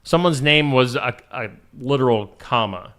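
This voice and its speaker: A man's voice: medium pitch, normal speed, a bit bright. A man hosting a morning show in casual chat, reading odd news stories and joking about them. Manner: jokey, reads headlines then riffs on them.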